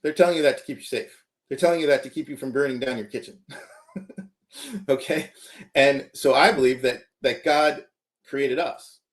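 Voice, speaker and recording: A man's voice: mid-range voice, lively intonation, moderate pace. A man, a computer science professor, giving earnest interview answers and checking in with the listener as he explains.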